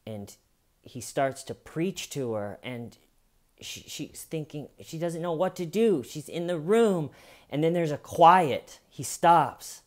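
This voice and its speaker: A man hosting a podcast, telling a true crime story in a deliberate, dramatic way with long pauses. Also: fairly high pitch, lively intonation. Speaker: podcast host.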